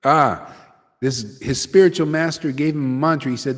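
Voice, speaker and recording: A man's voice: medium pitch, normal speed, long reverb tail. A man giving an informal devotional talk to a gathering, exclamatory and enthusiastic, often breaking into laughter. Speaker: devotional teacher leading a satsang.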